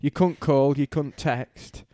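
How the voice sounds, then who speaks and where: A man with a mid-range, mellow voice takes things slowly as he co-hosts a podcast, chatting casually and bantering. His stories ramble and are full of tag questions. The recording is dry and studio quality.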